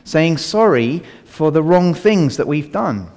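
In a reverberant church hall, a man preaches an all-age sermon at a slow pace in a fairly high voice. He's animated, asks the congregation questions, and leads them in prayer.

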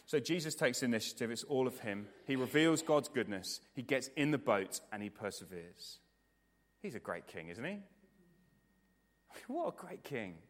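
Male preacher, mid-pitched, earnest delivery swinging loud to soft, heard in a long-reverb church. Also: big pitch swings, moderate pace. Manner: earnest, repetitive emphasis, swings from loud to hushed. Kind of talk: sermon ending in prayer.

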